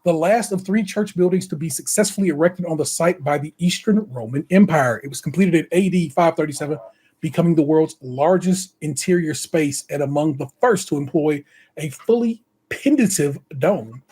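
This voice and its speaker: A man's voice: fairly high pitch, moderate pace, a little mellow, husky. A man co-hosting a podcast, running through notes in casual, slang-heavy banter and laughing often. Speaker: podcast co-host. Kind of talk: casual chat.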